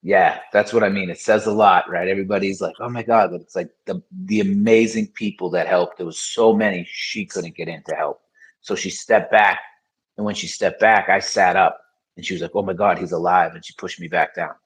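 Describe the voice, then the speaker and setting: Low husky man telling his story. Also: steady tone, a little fast, low-quality recording. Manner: frank, conversational, many fillers. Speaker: podcast guest. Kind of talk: casual storytelling interview.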